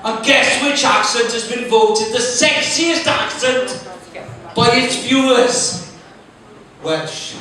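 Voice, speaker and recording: A man's voice: very high-pitched, slow, sharp tone. A middle-aged man from Gloucester doing a stand-up set, swearing freely and bantering with the crowd. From Gloucester, England. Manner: swearing, chatty crowd work with the audience. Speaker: stand-up comedian. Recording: echoey club, far mic, crowd noise.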